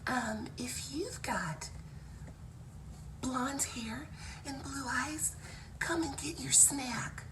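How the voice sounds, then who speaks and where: A woman voicing a prim schoolteacher who calls out children in a hushed whisper. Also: high voice, drawn-out words, long pauses, recorded from a distance, very noisy, pitched above the performer's own voice.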